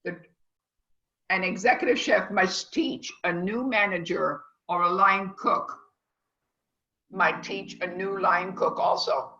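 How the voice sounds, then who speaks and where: A culinary instructor's fairly low voice comes across pushed and bright as she takes her time lecturing an online class by video call. She rambles and emphasizes like a teacher, and the sound is echoey, dull and lo-fi.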